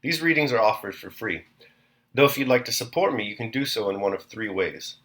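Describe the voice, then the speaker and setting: A man hosting and reading a classic novel aloud chapter by chapter, in a measured, clear narration. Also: lowish voice, a bit bright. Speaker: host and reader. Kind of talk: audiobook narration.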